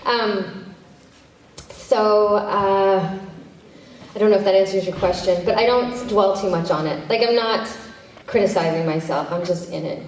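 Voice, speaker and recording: Chatty actress in an echoey hall. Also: female voice, medium pitch, measured pace, darkish tone. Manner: chatty, self-interrupting, laughs easily. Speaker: panel guest, actress and director. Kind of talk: casual convention Q&A answers. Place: convention hall panel. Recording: echoey hall from far off, faint noise.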